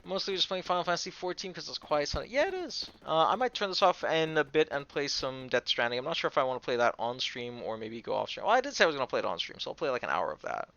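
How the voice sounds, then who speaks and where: A man's voice: fairly high pitch, lively intonation, quick pace, few pauses, fairly bright tone, muffled recording. A man giving chatty live commentary as he streams a video game from home, thinking aloud and laughing easily.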